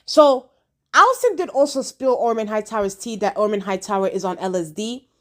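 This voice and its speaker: A woman talks through a TV episode in a casual review vlog. She is blunt and slangy, swears freely, and speaks straight to her viewers. Her voice sits at a middle pitch. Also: expressive, a little fast. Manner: outspoken, addresses viewers directly. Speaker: TV show reviewer.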